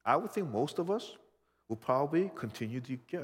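A man preaching a sermon as pastor, emphatic, dropping low and quiet then rising loud for stress. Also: expressive, brisk, slightly rough, big-room sound.

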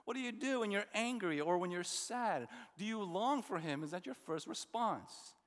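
Pastor guy preaching, talks high, chatty with stories and questions, big church echo. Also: expressive, normal speed. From New Jersey. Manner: conversational preaching, personal stories and rhetorical questions. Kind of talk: sermon. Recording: long reverb of a large hall.

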